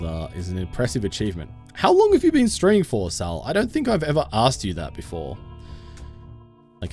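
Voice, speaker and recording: A man's voice: lowish voice, mellow. A man streaming a game live, chatting casually with his viewers and laughing often.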